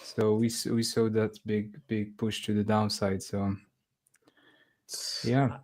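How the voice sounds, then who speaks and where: Mellow-voiced man, halting speech. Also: lowish voice, level tone. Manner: halting, searching for words. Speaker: trading coach. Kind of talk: casual live-stream chat.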